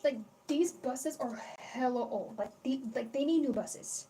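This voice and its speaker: High in pitch yet dark in tone, her voice moves at a measured pace. This young livestream host is casual and rambling, swearing freely while greeting her chat, and a distant mic picks up faint background noise.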